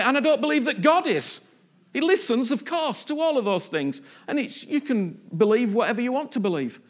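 High-voiced passionate male preacher. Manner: passionate, acts out quoted voices. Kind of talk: sermon.

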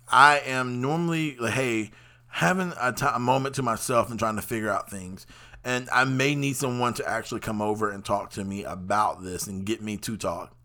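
A man's voice: medium pitch, pushed and bright. A man hosting a show, talking through a rambling personal monologue with lots of fillers. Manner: talkative, rambling, frequent fillers. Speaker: podcast host.

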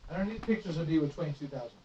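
A man's voice: fairly high pitch, racing. Man, middle-aged, traveling minister, storytelling sermon, acts out dialogue, far from mic, roomy, noisy. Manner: animated storytelling, acting out dialogue. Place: church sanctuary. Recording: roomy, distant, muffled with noise.

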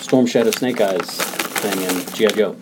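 A man's voice: fairly low pitch, a little slow. Man making offhand asides, noisy recording. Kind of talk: casual movie chat.

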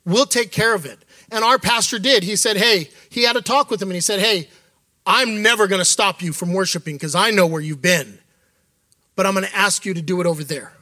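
High, bright-voiced man preaching. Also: no room sound. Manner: candid, conversational preaching with quoted asides. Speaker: associate church leader. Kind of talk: sermon.

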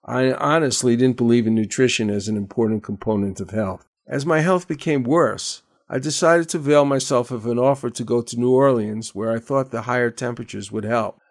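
Older man, radio host, earnest measured storytelling, mid-pitched voice. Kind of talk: scripted radio narration.

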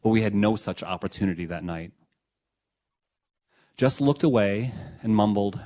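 A young adult man reading his own memoir essay in a reflective, measured, quietly emotional way. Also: lowish voice. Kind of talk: first-person memoir reading.

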